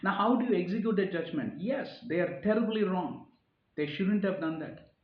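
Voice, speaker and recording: A man's voice: sits high, moderate pace, reverberant, phone-quality sound. A man giving an earnest, sermon-like reflection, often repeating phrases and pushing his key points harder. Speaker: speaker giving a reflective talk. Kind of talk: informal sermon-style reflection.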